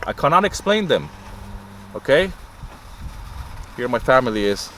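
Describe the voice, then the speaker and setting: A man's voice: medium pitch, sing-song, measured pace, pushed and bright. A middle-aged man talks in a passionate, rambling way, getting fired up as he goes. He is sitting in a parked car, with faint traffic noise outside. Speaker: vlogger. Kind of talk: casual vlog monologue.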